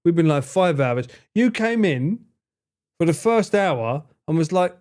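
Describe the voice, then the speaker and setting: A man's voice: fairly high pitch, animated, unhurried, a little mellow. A young man livestreaming, casually bantering with his chat in a playful, sweary, teasing way. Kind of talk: casual chat with live stream viewers.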